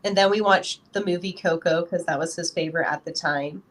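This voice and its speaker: With a lowish voice at a fairly quick pace, a woman talks casually on a podcast as a parent, over a little hiss or hum. She rambles through the interview, sprinkling in plenty of "you know."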